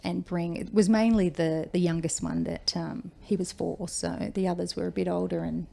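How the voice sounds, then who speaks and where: With a low, gravelly yet mellow voice and lively intonation at a moderate pace, an Australian woman in her forties shares her firefighting story. She's a guest in a casual interview, chatty and acting out quoted dialogue.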